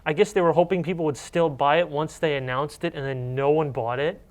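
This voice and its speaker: A man's voice: fairly high pitch, steady tone, a little fast. A young man co-hosting a casual gaming news chat, ranting and often restarting his sentences. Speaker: co-host.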